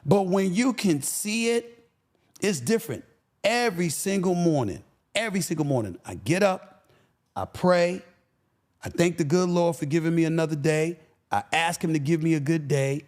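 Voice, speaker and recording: Animated, emphatic man swinging his pitch. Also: moderate pace. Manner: animated, emphatic storyteller who repeats phrases for punch. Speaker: podcast guest. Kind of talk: casual interview talk.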